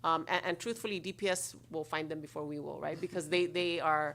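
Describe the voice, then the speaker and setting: A woman's voice: deep voice, very fast, creaky, a bit bright. A woman judge explaining her drug court's work to legislators at a budget hearing, talking in a loose, explanatory way. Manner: explanatory, many fillers and restarts.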